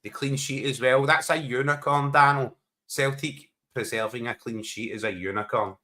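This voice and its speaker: A man's voice: mid-range voice, steady tone, moderate pace, sharp tone. A man co-hosting a football watchalong livestream, teasing his co-host with laughter and casual chat.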